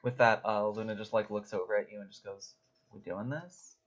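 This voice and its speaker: A man with a fairly low voice narrates a tabletop game as game master, hesitating often and filling gaps with "like" and "um". The recording is dull and lo-fi. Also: little pitch movement, fast. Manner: hesitant, full of fillers.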